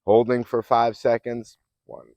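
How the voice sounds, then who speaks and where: A man's voice: medium pitch, little pitch movement, unhurried, no echo, muffled recording. A man working as a fitness and mindset coach gives an earnest, affirming motivational talk that sometimes rambles and restarts. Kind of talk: motivational self-help talk.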